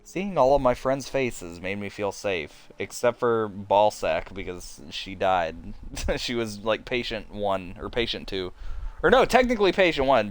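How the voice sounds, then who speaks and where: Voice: low voice, clean tone. A sleepy streamer reading a game aloud on a live stream, with casual asides and jokes about fumbling the character voices. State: sleepy, yawning.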